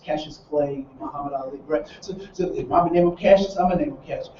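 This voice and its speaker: A man's voice: high-pitched, fast talker, hardly any pauses, darkish tone, slight background noise. A man leading a training seminar, telling stories and asking his audience rhetorical questions. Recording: roomy, distant, dull sound.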